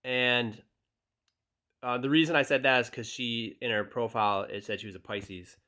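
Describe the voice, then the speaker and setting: A young man coaches on dating at a normal speed and medium pitch, in a relaxed, direct tutorial style with many fillers. He reads text messages aloud along the way.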